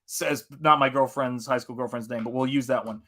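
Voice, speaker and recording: Speaking fairly quickly in a mid-range voice, this man from Tennessee spins a story while hosting a live art stream. He's loose and animated, with plenty of laughter and swearing.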